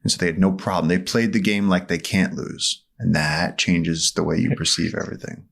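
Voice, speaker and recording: Podcast guest, male, lower voice, animated storyteller. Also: moderate pace, gravelly. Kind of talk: conversational storytelling.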